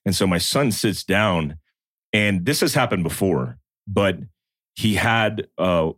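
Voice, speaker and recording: A man's voice: low voice, takes it slowly, dry recording, studio quality. A man in his thirties in casual chat, telling a story and acting out the quotes. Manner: storytelling, animated, acts out quotes.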